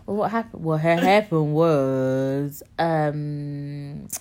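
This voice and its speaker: A woman's voice: low-pitched, drawn-out words, darkish tone. A young woman hosting a podcast, chatting casually, bluntly and animatedly, with a lot of swearing. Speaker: podcast host. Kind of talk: casual chat.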